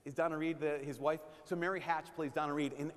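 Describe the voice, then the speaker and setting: A man preaching as a priest, in an animated, joking way that slips into impressions. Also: fairly high pitch, fast. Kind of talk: sermon. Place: church. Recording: long church reverb.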